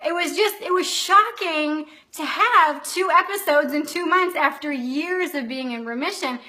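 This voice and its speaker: A woman's voice: sits high, a little slow, bright, forceful tone. A middle-aged woman, host and anxiety coach, telling a story in a chatty live-stream talk and acting out her own reactions.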